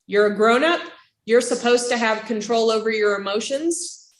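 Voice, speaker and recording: A woman instructor giving a casual classroom lecture, lively and chatty, acting out reactions with gasps and little voices. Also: on the high side, moderate pace. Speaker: child development instructor. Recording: roomy classroom echo.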